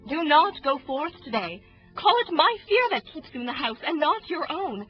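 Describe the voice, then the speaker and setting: A woman's voice: high voice, very animated, moderate pace. A woman playing a noble Roman wife in a Shakespeare audio drama, delivering verse earnestly and with passion. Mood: fearful. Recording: dull lo-fi audio under music.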